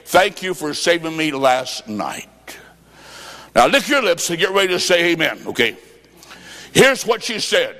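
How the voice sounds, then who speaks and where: A man preaching a revival sermon, telling a story and then calling people to prayer, with dramatic swings from quiet lines to shouting. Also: fairly high pitch, very animated, unhurried, pauses often. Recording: long hall reverb.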